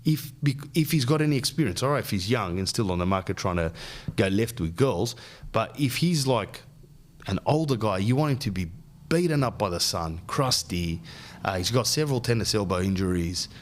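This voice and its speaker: A man's voice: lowish voice, moderate pace. Slangy Australian man riffing on a podcast. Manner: slangy, animated, says "bro" a lot. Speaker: podcast host. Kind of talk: casual rambling monologue.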